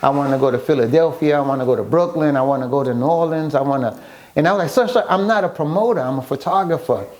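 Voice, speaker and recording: A man's voice: fairly high pitch, quick pace. A man telling his story in a casual interview, acting out what others said to him as he goes. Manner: animated storyteller acting out quoted dialogue. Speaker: guest, author and photographer.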